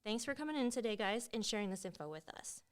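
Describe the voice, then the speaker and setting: A woman's voice: mid-range voice, lively intonation, fast, clean tone. A woman from Mississippi hosting a casual podcast interview in an upbeat, friendly manner. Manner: upbeat and friendly, introducing guests. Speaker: podcast host.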